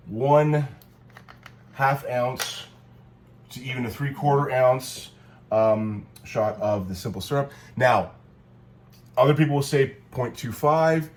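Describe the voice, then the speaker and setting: A man of medium pitch and somewhat dark tone walks through a cocktail at home, with slight background noise in the clip. As the video's co-host, he chats casually in a rambling way, joking and fixing his own mistakes as he goes.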